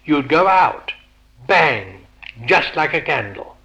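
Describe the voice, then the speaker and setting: Tweedledum, scornful twin, read by a slow man. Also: a little high, big pitch swings, pushed and bright, full character voice, low-quality recording. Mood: contemptuous. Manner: read aloud as a quotation in a lecturer's own voice. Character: scornful, contemptuous twin brother.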